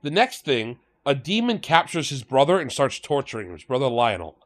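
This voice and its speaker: A man's voice: mid-range voice, big pitch swings, a little fast, no room sound. A man co-hosting a casual podcast, retelling legends and acting out the characters' lines. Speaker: podcast co-host.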